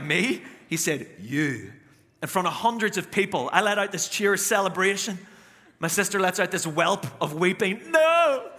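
Irish man, pastor, storytelling sermon, high voice, reverberant auditorium. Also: sharp tone. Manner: humorous, self-mocking storyteller. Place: large church auditorium.

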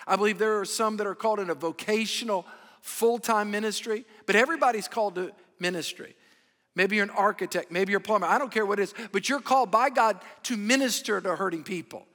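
A man's voice: sits high, fast, sharp tone. A middle-aged male pastor preaching a sermon in an earnest way, repeating key phrases for emphasis. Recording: long hall reverb.

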